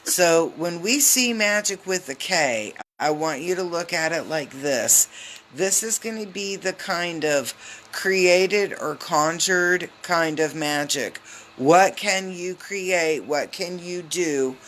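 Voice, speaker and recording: A woman giving a casual live tarot reading on a phone, chatty and loose, with lots of filler ums and quick hellos to her viewers. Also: on the low side, expressive, fairly bright tone, a little hiss or hum. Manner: greets viewers mid-reading. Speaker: tarot reader.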